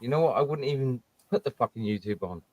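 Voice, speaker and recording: A man's voice: mid-range voice, animated, fast talker, a little mellow, dry recording, highs cut off. A man chatting casually as a guest, brash and laughing, with heavy swearing. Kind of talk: casual chat.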